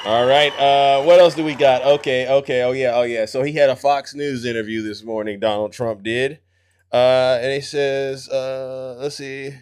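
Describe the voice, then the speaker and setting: An excitable man runs a live political stream, talking to his audience in a voice of middling pitch. He laughs often and breaks into bursts of emphasis, turning every clip into a running reaction. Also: moderate pace, smooth. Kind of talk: animated live-stream commentary.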